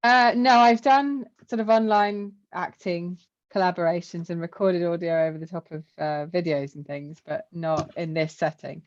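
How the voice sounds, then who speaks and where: A woman's voice: on the low side, normal speed, muffled recording. A woman actress as a podcast guest, earnest and complimentary about working with the cast. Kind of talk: casual podcast chat.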